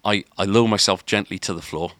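A man's voice: low voice, fairly even intonation, fast talker, a bit bright, no room sound. A man telling a long story on a podcast, rambling and restarting often. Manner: rambling, lots of filler and restarts. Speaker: podcast co-host. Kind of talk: casual storytelling.

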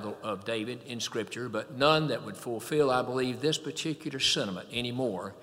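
A man preaching a sermon in a measured, deliberate way, slowing down to quote scripture. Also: medium pitch, bright, forceful tone. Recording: long hall reverb.

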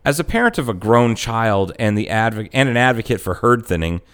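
A middle-aged man trading jokes on a podcast in an irreverent, meandering way. His voice is lowish and smooth. He restarts his sentences often as he tells a story. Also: very animated, a little fast, a bit bright. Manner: irreverent, joking, trails off and restarts. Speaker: podcast co-host. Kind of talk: casual chat.

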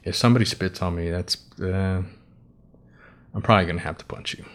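A man's voice: sits low, a little fast. A man hosting a casual commentary show, reading an article aloud, tripping over names, swearing and laughing at his own asides. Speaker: host.

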